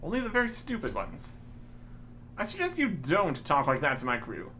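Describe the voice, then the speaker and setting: A man's voice: on the high side, huge pitch swings, moderate pace, pushed and bright, slight background noise, full character voice. A man voicing a rude, scornful male sailor who sneers and talks with contempt while reading game dialogue. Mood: impatient.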